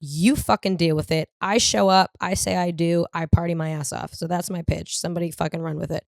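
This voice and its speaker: A woman in her thirties delivers a comedic monologue in a fairly low voice, rambling and swearing freely as she acts out the people she quotes. The sound is dry and close, with no room around it. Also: dry recording. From US East Coast. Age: 30s. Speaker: podcast host.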